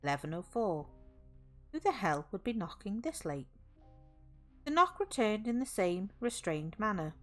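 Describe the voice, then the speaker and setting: A woman's voice: medium pitch, sing-song, normal speed, long pauses, soft background music. A woman streamer reading a horror story aloud, greeting her chat in a bubbly way between passages.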